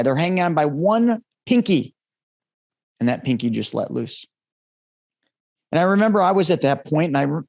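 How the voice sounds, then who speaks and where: A man hosting a podcast, telling an emotional personal story in an earnest way, dropping his voice low at the heavy moments. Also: creaky, a little mellow. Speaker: podcast host.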